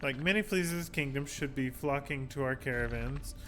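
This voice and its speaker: A man reading aloud as a friendly old flea who leads a caravan, in quaint broken phrasing and a hushed voice. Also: mid-range voice, a little fast, slight background noise, natural voice. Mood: warm, welcoming.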